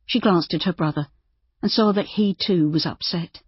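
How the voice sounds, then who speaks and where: Woman narrator, low husky voice, even and steady, dry slightly muffled sound. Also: moderate pace, no echo. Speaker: audiobook narrator. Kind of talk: scripted narration.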